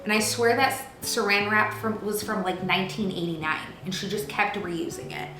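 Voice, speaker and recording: A woman's voice: mid-range voice, moderate pace, pushed and bright. A woman in her thirties hosting a cooking show from her kitchen, chatting playfully and telling stories with lots of fillers. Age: 30s. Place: home kitchen. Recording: roomy kitchen with music behind.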